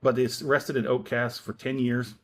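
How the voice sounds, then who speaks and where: A man's voice: medium pitch, little pitch movement, normal speed. A man hosting a casual spirits review, talking in a playful, joking and slightly rambling way. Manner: playful, jokey, a little rambling.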